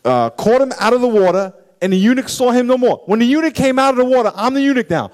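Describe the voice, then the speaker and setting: A man preaching a sermon, animated and acting out scenes and quoted voices for the congregation. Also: extremely high pitch, fast talker, few pauses. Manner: animated, acts out stories and quotes. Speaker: pastor.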